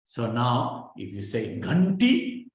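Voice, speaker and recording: Slow, echoey man teaching. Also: mid-range voice, wildly swooping pitch. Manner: patient, drills syllables aloud, keeps checking with "right?". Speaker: Sanskrit pronunciation teacher. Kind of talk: online class instruction. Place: online class over a video call. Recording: very echoey room sound.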